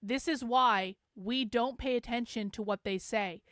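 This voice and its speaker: A woman hosting a livestream, with a high, smooth voice. She is sarcastic and profane and talks straight to her viewers. The sound is close and dry. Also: measured pace, fairly bright tone, no echo. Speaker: host. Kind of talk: livestream commentary.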